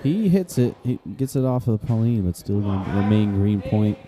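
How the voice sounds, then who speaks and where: A man calling a live bocce match as play-by-play commentator, talking in a hushed golf-style voice and often repeating himself for effect. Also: on the low side, fairly even intonation, a little fast, a crowd in the background.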